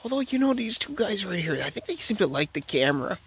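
A drunk man with a Wisconsin accent rambles and curses as he chats with cows outdoors. His voice sits high and swings up and down with animated energy. He is filming on a handheld camera. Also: quick pace, breathy edge. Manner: rambling, profane, talks to the cows. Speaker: vlogger. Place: outdoors by a cow pasture. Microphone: handheld camera he films with.

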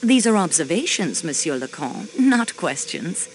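An actress voicing a sharp young female railway clerk questioning suspects in a mystery game, composed and precise. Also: fairly low pitch, very animated, unhurried, a little hiss or hum. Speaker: game protagonist.

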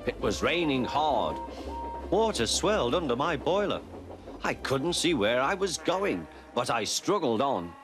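A man voicing a small, cheeky, boastful young engine in a storybook tale, with a raised, excited voice. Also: mid-range voice, measured pace, pitched above the performer's own voice. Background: background music.

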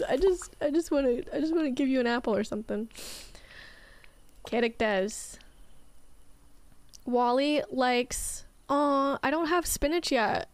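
A young woman livestreaming a game, with a high, light voice and an unhurried, drawn-out delivery. She giggles often and chats loosely with her viewers as she plays. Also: darkish tone. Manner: giggly, chatty, reads out and answers chat. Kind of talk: casual gameplay chat with viewers.

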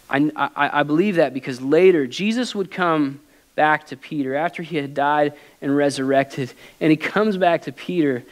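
A man's voice: fairly high pitch, darkish tone. A man, a pastor, preaching an earnest, emotional sermon in a church and reading scripture aloud with rising intensity. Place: church sanctuary.

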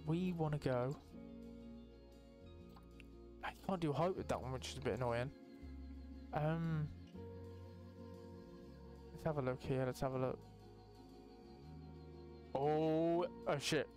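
A young man giving casual, excitable gameplay commentary as a channel host, swearing often and breaking into high yelps. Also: a little slow, long pauses, soft background music.

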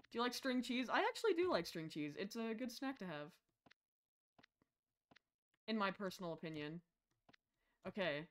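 A woman streaming a horror game live, excitable, shrieking and laughing at the game and chatting with viewers. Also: on the high side.

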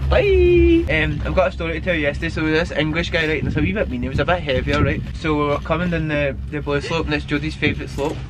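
A man's voice: on the high side, steady tone, rapid-fire, few pauses. A Scottish man vlogging and interviewing in a chatty, storytelling way, outdoors on ski slopes. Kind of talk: casual vlog chat. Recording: loud wind noise outdoors.

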